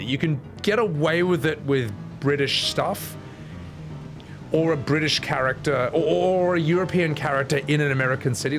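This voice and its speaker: Game streamer, blunt opinionated rant, game music playing behind. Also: male voice, mid-range voice. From Australia. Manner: blunt opinionated ranting with swearing. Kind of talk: casual gaming commentary.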